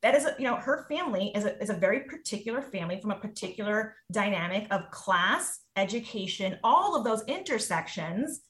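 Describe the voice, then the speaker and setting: A woman in her forties talks as a guest in a relaxed conversation. Her pitch sits in the middle range. She is animated and keeps slipping into little acted-out versions of her own reactions. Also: a little fast, few pauses. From United States. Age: 40s. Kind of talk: casual conversation.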